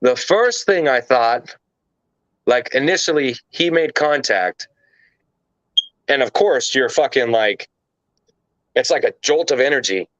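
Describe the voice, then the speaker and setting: A man's voice: mid-range voice, lively intonation, a little slow, long pauses, fairly bright tone, no echo. A man being interviewed, telling a story casually and animatedly, with plenty of swearing and rambling asides. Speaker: interview guest. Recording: dull lo-fi dry recording.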